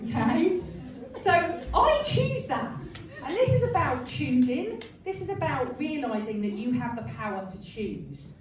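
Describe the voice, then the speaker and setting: A woman leading a workshop, chatty and animated, asking the group questions and laughing often. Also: sits high, normal speed. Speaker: empowerment speaker running a workshop. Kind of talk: lively workshop talk to a group. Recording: echoey hall from far off, crowd behind.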